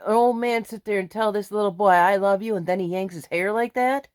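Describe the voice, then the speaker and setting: Fairly quick and medium-pitched, this middle-aged vlogger rants angrily, blunt and emphatic throughout. Her tone is darkish. The recording is dry, with clean studio sound.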